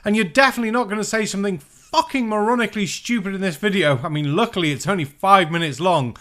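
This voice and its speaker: A man's voice: high-pitched, quick pace, few pauses, pushed and bright. A man hosting a reaction channel, delivering sarcastic, profane commentary. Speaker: channel host.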